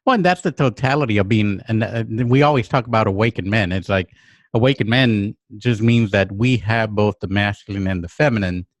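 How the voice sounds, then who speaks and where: Low-voiced man musing on a podcast. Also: a little fast, no room sound. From United States. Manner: musing, thinks aloud with restarts and acted-out inner quotes. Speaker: podcast host. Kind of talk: casual reflective chat.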